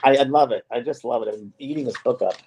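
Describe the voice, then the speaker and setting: A man's voice: medium pitch, quick pace, background noise. A middle-aged man, a spiritual medium co-hosting a casual chat, speaking earnestly and with feeling, often voicing what spirits tell him. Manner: earnest, emotional, quotes spirits in their own words.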